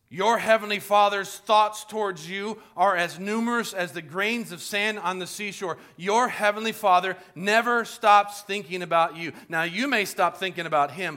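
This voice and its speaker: Male pastor, middle-aged, bright tense voice, storytelling sermon with big swings from soft to loud. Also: sits high. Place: church sanctuary.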